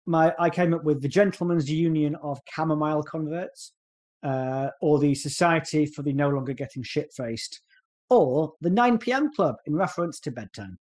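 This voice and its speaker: A man's voice: fairly high pitch, darkish tone. A man co-hosting a comedy podcast, joking and sarcastic as he reads from his notes. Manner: jokey, sarcastic, breaks into quick silly voices. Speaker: podcast co-host. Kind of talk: casual comedic podcast chat.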